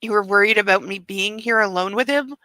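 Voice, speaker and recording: A woman reading the lines of an earnest, reproachful young female lover in a soft, hushed voice that sometimes drops to a near-whisper. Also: mid-range voice, a little fast, dry recording, natural voice, low-quality recording.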